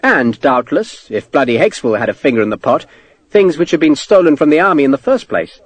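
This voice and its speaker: A man reading a novel aloud as narrator, with an expressive delivery. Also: fairly high pitch, a little fast, no echo. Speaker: audiobook narrator. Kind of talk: scripted narration.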